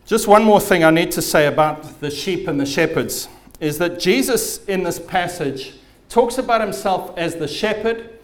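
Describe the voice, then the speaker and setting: A man's voice: high voice, roomy sound. A man preaching a sermon as pastor, telling stories vividly and with emphasis.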